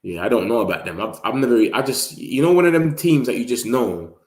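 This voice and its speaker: A man's voice: medium pitch, lively intonation, a little fast, darkish tone, reverberant. A young man, chatting casually and rambling about football on a live stream. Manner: rambling, slangy, reacts to the match. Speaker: football vlogger.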